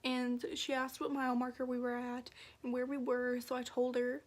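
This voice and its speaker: A young woman from Minnesota telling a personal story to camera in a soft voice that often drops into a breathy whisper. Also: high voice, completely flat delivery, moderate pace. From Minnesota, USA. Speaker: vlogger.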